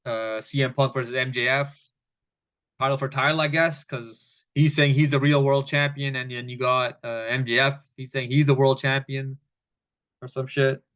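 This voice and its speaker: A man's voice: mid-range voice, fairly even intonation, moderate pace, a bit bright, muffled recording. A man casually recapping a wrestling show, rambling and profane, with fillers and laughs.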